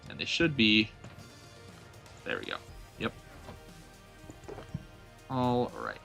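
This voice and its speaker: Young man, streamer, bright forceful voice, playful self-mocking gameplay banter, faint music behind. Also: mid-range voice, huge pitch swings, takes it slowly, gravelly. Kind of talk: live gameplay commentary.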